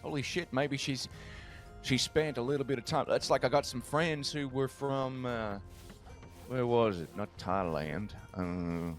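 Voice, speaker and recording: A man's voice: medium pitch, a little slow, faint music behind, close to an everyday voice. A man playing a nervous, self-deprecating frontier man who rambles and swears in a western roleplay. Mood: curious.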